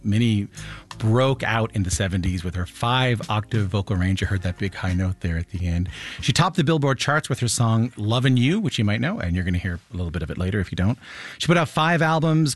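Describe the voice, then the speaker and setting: Low-voiced male radio host, dry studio sound. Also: no echo. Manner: easygoing and chatty, jokes about singing high. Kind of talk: broadcast interview.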